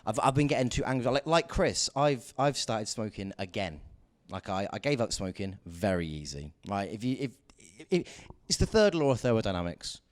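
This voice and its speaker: A young man telling a stand-up comedy story, mixing dry deadpan asides with sudden bursts of mock outrage. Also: on the low side, moderate pace.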